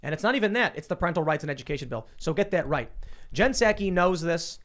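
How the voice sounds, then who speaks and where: A man's voice: on the high side, expressive, racing, a bit bright. A man hosting a political panel talk show, speaking in an emphatic, sarcastic way. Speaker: show host.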